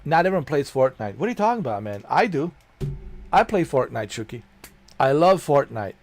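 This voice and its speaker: A man's voice: fairly high pitch, big pitch swings, a little fast, darkish tone, soft background music. A middle-aged man streaming games, ranting bluntly and profanely in a preachy tone. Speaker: gaming streamer. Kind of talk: livestream rant.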